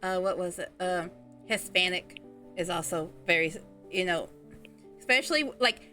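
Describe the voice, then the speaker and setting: A woman's voice: on the low side, lively intonation, normal speed, bright, forceful tone, faint music behind. A woman hosting a casual livestream chat, interviewing a guest, giggly and reading out chat messages. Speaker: streamer host interviewing a guest.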